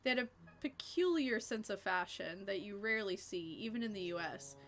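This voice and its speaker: A woman with a bright, forceful voice reads a story game aloud and breaks off to chat with her viewers. She is lively and laughs often, with faint music playing under her. Her pitch sits in the middle range. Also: normal speed. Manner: lively, laughs between reading. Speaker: streamer.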